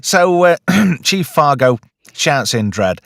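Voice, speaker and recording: A man's voice: fairly high pitch, sing-song, slow pace, creaky, a bit bright, no room sound, studio quality. A British man hosting a film review chat, rambling and joking, often restarting his sentences. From United Kingdom. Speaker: podcast host.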